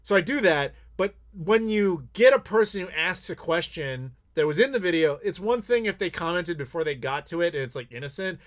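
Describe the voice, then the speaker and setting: A man's voice: high voice, fairly quick, few pauses. A male YouTuber hosting a casual live Q&A, talking bluntly and swearing freely as he tells stories. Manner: candid, blunt, swears freely, animated storytelling. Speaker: YouTuber host.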